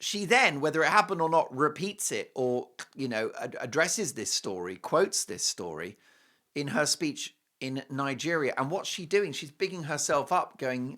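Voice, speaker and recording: A man's voice: medium pitch, animated, moderate pace, pushed and bright. A man hosting an opinionated commentary show, speaking in a scornful, sarcastic and emphatic way. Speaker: host.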